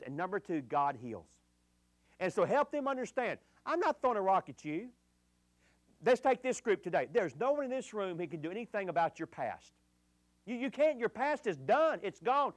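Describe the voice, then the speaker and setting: A man preaching a sermon on marriage, telling folksy stories with dramatic pauses and strong emphasis. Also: high voice, dry recording. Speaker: pastor.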